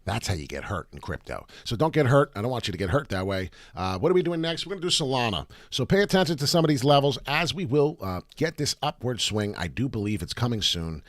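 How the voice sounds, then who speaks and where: A man hosting a casual livestream of crypto chart commentary, rambling and swearing freely, with a slightly raspy voice this morning. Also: mid-range voice, sing-song, quick pace, hardly any pauses, dry recording, clean studio sound. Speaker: crypto chart analyst host.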